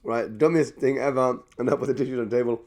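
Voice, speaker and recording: Speaking at a quick clip in a medium pitch, a young man eats at a table indoors and talks to the camera in a relaxed way. His energetic chatter includes repetition, and it softens as he gets into his food.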